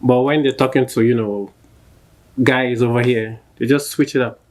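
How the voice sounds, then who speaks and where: Nigerian-accented man, relaxed couple-chat co-host, mid pitch. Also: moderate pace. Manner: easygoing, filler-heavy storytelling.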